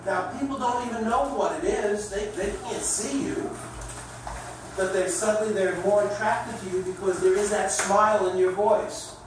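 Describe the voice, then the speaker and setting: A man's voice: high voice, moderate pace, background noise. Man lecturing in an echoey room. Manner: animated coaching, demonstrates with his voice. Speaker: sales trainer. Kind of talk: classroom lecture. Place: classroom. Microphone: distant room mic. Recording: echoey room recorded from far off.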